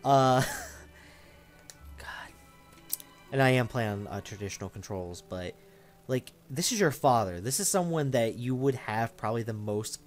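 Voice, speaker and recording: A young man giving casual, joking commentary while playing a game, rambling and swearing, with game music behind him. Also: medium pitch. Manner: rambling, crude, joking, mimics game lines. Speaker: let's play gamer. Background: game audio and music.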